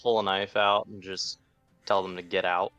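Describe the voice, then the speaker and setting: A man's voice: low-pitched, little pitch movement, normal speed, pushed and bright, muffled recording, soft background music. A man speaking bluntly and matter-of-factly as a player in a tabletop role-playing game. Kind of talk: casual role-play as a player character.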